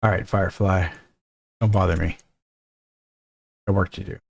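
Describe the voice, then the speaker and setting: A man's voice: low voice, fairly even intonation, moderate pace, creaky, husky. A man teaching a casual screen-recorded coding lesson, thinking aloud and dropping jokey, self-deprecating asides as he works. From Mexico. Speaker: coding instructor.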